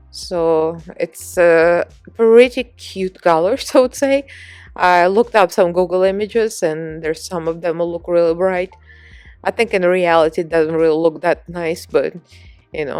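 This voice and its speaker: Chatty makeup artist woman, lowish voice. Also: a little mellow, clean tone. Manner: chatty, rambling, self-mocking. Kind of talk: casual vlog chat and tutorial voice-over.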